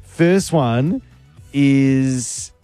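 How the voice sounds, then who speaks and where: A man's voice: mid-range voice, extremely slow, dark tone, clear, resonant tone, soft background music. A young adult man with an Australian accent co-hosting a radio show, chatting in a laid-back, teasing way. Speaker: radio co-host. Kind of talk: casual radio banter.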